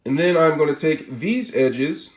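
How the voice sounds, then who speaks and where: A man's voice: a little high, expressive, unhurried, roomy sound. A man with a Spanish accent giving a casual step-by-step cooking demonstration, often checking in with "all right?" and "okay?". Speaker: cooking channel host.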